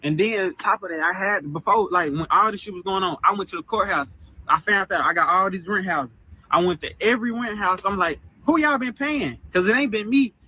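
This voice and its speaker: A man's voice: sits high, pushed and bright, husky. A twenty-year-old man venting in a casual, rambling and aggrieved way about family. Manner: aggrieved, rambling, fast and repetitive. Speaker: guest telling his story.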